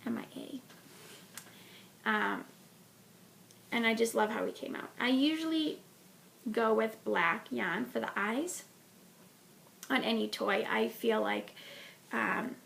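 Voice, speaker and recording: Gravelly-voiced woman chatting about knitting. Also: fairly high pitch, slow, pauses often, fairly bright tone, slight background noise. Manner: chatty, many ums and restarts. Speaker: knitting podcast host. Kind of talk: casual show-and-tell about a knitting project.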